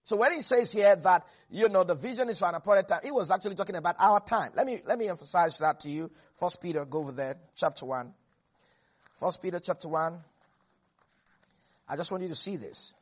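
High-voiced man preaching a sermon. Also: a little fast, lo-fi sound. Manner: emphatic, calls on congregation to repeat phrases.

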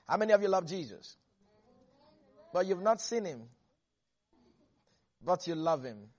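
A man's voice: high voice, big pitch swings, unhurried, darkish tone, lo-fi sound. A man preaching a sermon, emphatic, reading scripture and calling on the congregation to repeat phrases after him.

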